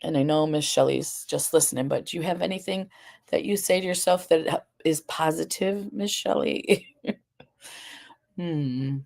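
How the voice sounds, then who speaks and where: A woman's voice: sits low, moderate pace, vocal fry, a little mellow. A woman hosting a live stream, chatting casually with viewers, rambling a little with fillers and restarts, a bit groggy. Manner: addresses viewers and the chat directly. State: groggy, sleepy. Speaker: livestream host.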